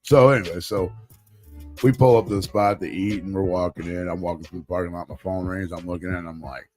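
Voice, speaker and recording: Low-voiced man telling a profane story. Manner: profane, rambling, animated retelling. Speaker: podcast co-host. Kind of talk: casual storytelling chat.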